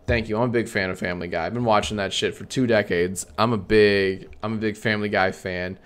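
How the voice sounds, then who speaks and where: A man streaming a comedy bit, bantering with himself in a deadpan, sarcastic way and swearing often. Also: on the low side, brisk, clear, resonant tone.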